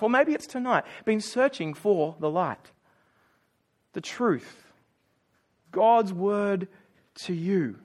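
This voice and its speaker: A middle-aged man preaching a sermon in a conversational way with self-deprecating humor. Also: sits high.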